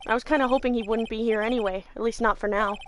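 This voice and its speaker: A woman's voice: a little high, fairly even intonation, fast talker, slight background noise, pitched below the performer's own voice, lightly acted. Woman doing a wry young lawyer. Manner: dry and sardonic.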